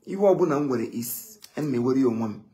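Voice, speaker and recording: A man telling stories in a casual live chat, animated and often quoting others. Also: medium pitch, fast talker, slight background noise. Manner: animated, switching between English and Igbo, quoting others.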